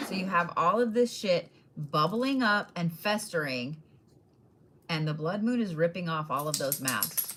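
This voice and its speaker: Woman, bright forceful voice, slightly low pitch, blunt casual zodiac reading, swears and laughs. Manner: direct address to each sign. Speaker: tarot and astrology reader.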